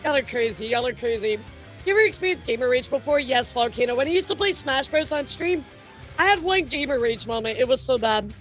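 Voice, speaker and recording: A woman streaming casual chat as a VTuber news host. She giggles often, talks in an animated way and swears casually. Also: sits high, a little fast, soft background music.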